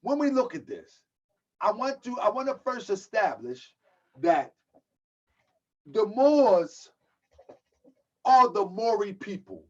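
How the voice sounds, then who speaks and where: A man's voice: high-pitched, sing-song, slow pace, pauses often, a little mellow. A man from the United States holds forth on a live stream in a casual, preachy lecture. He keeps repeating rhetorical questions and answers comments from the audience. The sound is dull and lo-fi. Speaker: host of a live-stream talk.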